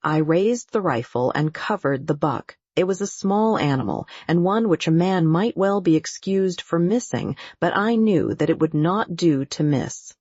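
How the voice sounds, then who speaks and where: A woman narrating an audiobook in a measured, deliberate way. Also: lowish voice, expressive, darkish tone, breathy edge, no echo. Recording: dull, muffled audio.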